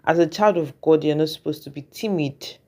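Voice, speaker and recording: Vlogger, casual reflective talk, checks in with viewers, medium pitch. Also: brisk, darkish tone. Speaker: reaction vlogger. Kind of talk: casual commentary.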